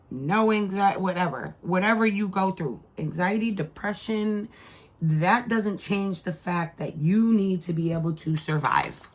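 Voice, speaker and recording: Husky middle-aged mom, rambling heartfelt. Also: female voice, lowish voice. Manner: rambling and heartfelt, full of "like" and restarts. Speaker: mother and vlogger. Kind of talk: casual storytelling vlog.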